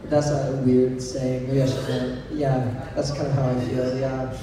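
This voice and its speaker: A man's voice: mid-range voice, level tone, measured pace, noisy background. A young man giving a playful, joking youth sermon, telling a story and asking the audience to raise their hands. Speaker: youth pastor. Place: large hall with an audience. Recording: echoey hall recorded from far off.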